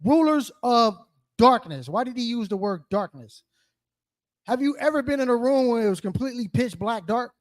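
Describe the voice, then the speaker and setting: A man teaching a group in an interactive sermon, his voice sitting high. He talks in slang, keeps asking "right?", and calls on people by name. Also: expressive, normal speed. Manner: calls on listeners, asks questions, repeats answers; slangy, emphatic, rhetorical "right?". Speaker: teacher leading a scripture study.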